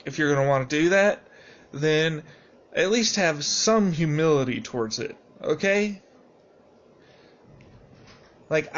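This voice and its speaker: Profane ranting man, muffled lo-fi. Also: a little high. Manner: heated, profane, lecturing; calmer, quieter, still blunt. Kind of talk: angry video journal rant. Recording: dull lo-fi sound with faint noise.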